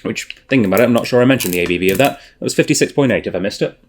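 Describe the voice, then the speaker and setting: A man with a fairly low voice hosts a relaxed whisky tasting. He talks casually and thinks out loud, with plenty of fillers and self-corrections. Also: very fast, a little hiss or hum. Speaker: host.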